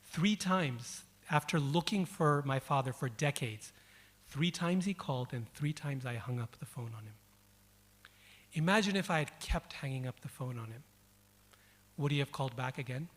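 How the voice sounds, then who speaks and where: A man's voice: mid-range voice, animated, moderate pace. A man giving a devotional lecture at an event, telling a personal story and repeating words for emphasis. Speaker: speaker. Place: event hall. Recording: long hall reverb.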